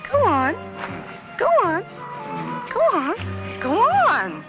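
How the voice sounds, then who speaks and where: A woman's voice: extremely high pitch, huge pitch swings, very slow, heavily acted. An actress playing a sweet young blind woman who coos sing-song baby talk at a pet, from dull lo-fi film audio with music behind. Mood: cooing, playful. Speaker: film character.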